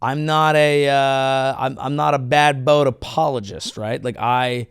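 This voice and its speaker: In clean, dry studio sound, a male comedian host delivers a political monologue that's sarcastic, animated and full of profanity. His medium-pitched voice is clear and resonant, at a measured pace.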